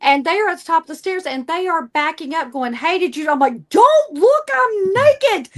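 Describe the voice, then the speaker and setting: Woman, Southern accent, high voice, animated guest storyteller. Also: brisk. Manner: animated, loud storyteller, playful put-on voices. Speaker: podcast guest, paranormal investigator. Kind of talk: casual chat.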